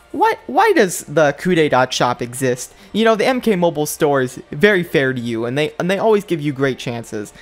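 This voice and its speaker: A young man giving exasperated commentary while opening mobile game packs, ranting and jumping up in disbelief. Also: on the high side.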